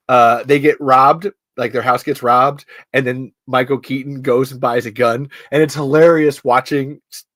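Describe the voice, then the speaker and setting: A man's voice: medium pitch, a bit bright, no room sound. A man hosting a podcast in casual chat, rambling with restarts and fillers. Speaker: podcast host.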